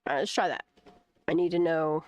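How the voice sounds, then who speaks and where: A woman chatting casually at home while planning a garden, swearing freely and breaking into sweet high baby talk with her cat. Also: fairly even intonation, brisk, lo-fi sound. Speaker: channel host.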